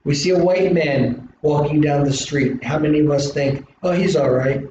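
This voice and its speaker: A middle-aged man with a South Philly accent, an instructor giving an animated classroom lecture full of rhetorical questions. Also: a little high, moderate pace. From South Philadelphia, US. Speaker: college instructor. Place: large classroom. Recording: distant echoey classroom recording, dull and hissy.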